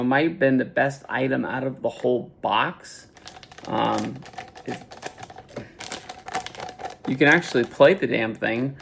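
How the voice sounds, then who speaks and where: Gravelly laid-back man rambling casually. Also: medium pitch, a little hiss or hum. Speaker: unboxing vlogger. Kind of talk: casual unboxing chat.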